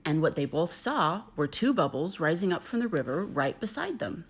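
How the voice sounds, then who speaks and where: A middle-aged woman reading a children's picture book aloud, gentle and expressive. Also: lowish voice, normal speed, husky. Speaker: storyteller.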